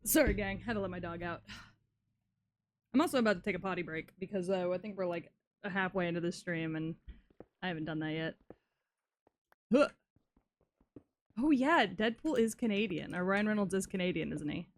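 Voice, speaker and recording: A young woman chatting casually with her viewers while playing a game, swearing often and reacting loudly to chat messages. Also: on the low side, normal speed, long pauses, slight background noise. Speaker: streamer. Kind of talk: casual live-stream chat while gaming.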